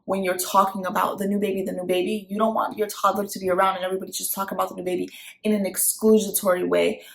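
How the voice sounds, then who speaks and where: A young mother talks through parenting tips in a relaxed, chatty vlog. Her voice sits in a middle register with a gravelly, fry-touched edge. She turns animated when she acts out quotes. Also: medium pitch, fast, low-quality recording. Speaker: parent vlogger. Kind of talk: casual parenting advice chat.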